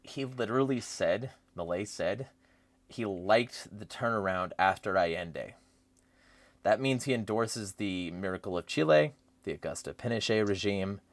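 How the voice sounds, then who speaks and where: A man hosting a casual political chat, ranting in a rambling, profane and animated way. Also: on the low side, a little slow, dry recording. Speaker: podcast host.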